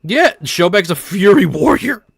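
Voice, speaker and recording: A young man livestreaming a game, talking casually and excitably, laughing a lot and swearing freely. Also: high voice, measured pace, vocal fry, slightly rough, no echo, studio quality. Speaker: streamer. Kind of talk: casual live-stream reaction commentary.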